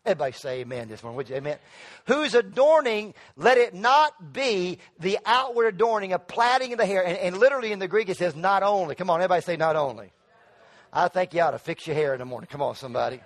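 Preaching quickly and with lively intonation, a middle-aged pastor's high voice fills the church sanctuary. He draws responses from the congregation and works up to loud, emphatic peaks.

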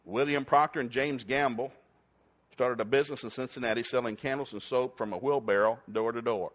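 A man's voice: mid-range voice, brisk, fairly bright tone. A male preacher, telling stories in a sermon and acting out quotes and sound effects. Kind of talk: storytelling sermon.

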